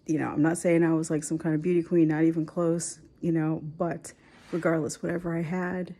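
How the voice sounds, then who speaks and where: A woman in her forties shares a personal story in a soft, tearful voice that keeps slipping into whispers. Her voice sits low with a gravelly fry and a husky edge. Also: level tone, fairly quick. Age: 40s. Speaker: vlogger. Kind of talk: emotional personal vlog.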